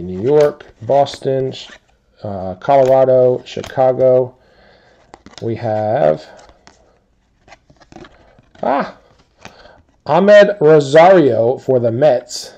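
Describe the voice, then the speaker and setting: A man hosting a live sports card break, calmly listing teams and players as he opens packs. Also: medium pitch, vocal fry. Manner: slow, relaxed listing of teams and cards.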